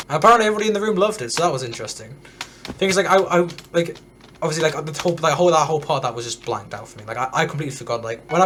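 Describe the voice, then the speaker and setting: A teenage boy tells a story as he games, words tumbling out fast in a loose, rambling stream. He restarts his sentences often and leans on fillers. A faint hiss sits under his voice. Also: on the high side, fairly bright tone. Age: teens. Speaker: gaming streamer. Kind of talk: casual storytelling while gaming.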